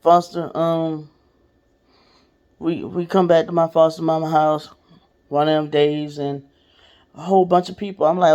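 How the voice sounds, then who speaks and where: A woman's voice: deep voice, flat delivery, a little slow, pauses often, mellow, muffled recording. A woman hosting a podcast, telling a personal story in a candid, profane, casual way and speaking straight to her listeners. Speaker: podcast host.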